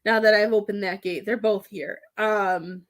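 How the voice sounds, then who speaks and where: Halting woman giving a psychic reading. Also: mid-range voice, fairly even intonation. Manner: halting, rambling with many restarts. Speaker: psychic medium.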